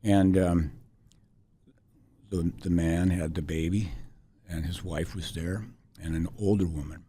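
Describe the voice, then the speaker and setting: A man in his sixties, a podcast guest telling a personal story in a halting, reflective way with many restarts. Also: sits low, fairly even intonation, dark tone, slight background noise. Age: 60s.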